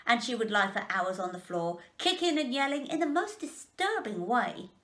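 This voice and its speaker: A woman's voice: a little high, normal speed. Boastful wealthy father, read by a woman for a storybook. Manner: bragging, lively storytelling. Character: boastful rich father, peanut factory owner.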